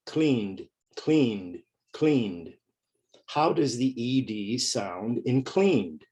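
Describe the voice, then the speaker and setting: A man's voice: mid-range voice, darkish tone. A middle-aged man teaching a pronunciation lesson, speaking carefully and repeating each word for learners.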